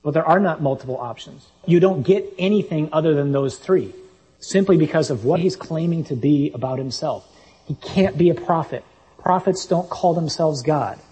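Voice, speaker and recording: A man's voice: fairly high pitch, moderate pace, mellow, low-quality recording. A man preaching a sermon, reasoning emphatically and reading scripture passages aloud.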